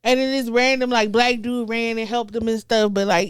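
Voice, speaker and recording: A woman, telling wild stories as a comedian guest, animated and profane, acting out the people she quotes. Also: fairly high pitch, normal speed, clear, resonant tone, no echo, clean studio sound. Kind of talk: casual storytelling chat.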